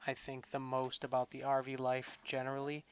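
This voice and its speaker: This podcast co-host has a mid-range male voice and talks a little fast, with slight background noise behind him. He chats casually and relaxed, rambling along with lots of filler words.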